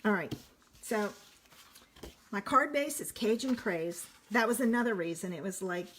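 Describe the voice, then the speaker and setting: A woman talks through her card making at an easy, slow pace, thinking aloud and correcting herself as she goes. Her pitch sits in a middle range. A faint hiss and small clicks run under her voice. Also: animated, fairly bright tone. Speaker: card-making demonstrator on a live stream. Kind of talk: casual live crafting demo.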